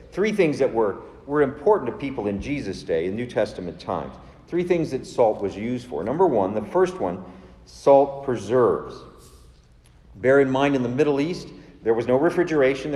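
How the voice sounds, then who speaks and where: A male preacher delivering a sermon with emphatic repetition of key words. His voice is mellow and relaxed. It echoes through a roomy church hall with a long tail. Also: medium pitch. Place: church sanctuary.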